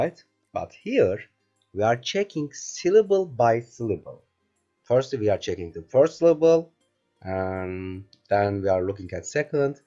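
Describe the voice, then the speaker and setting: Low mellow male language teacher. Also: highs cut off. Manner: patient, slow drilling, keeps asking "remember?". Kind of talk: online beginner lesson.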